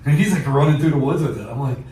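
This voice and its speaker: A man hosting a podcast, telling a hunting story in a casual, animated way, laughing often and acting out what people said. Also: medium pitch, rapid-fire, a crowd in the background. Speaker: podcast host. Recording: echoey distant mic with background noise.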